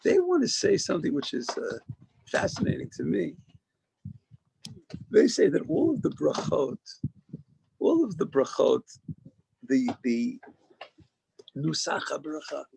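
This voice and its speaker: A man's voice: a little high, creaky, darkish tone, a little hiss or hum, poor audio. A man giving an informal, conversational Torah lecture as a rabbi, discursive and often restarting phrases for emphasis. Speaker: rabbi teaching a class.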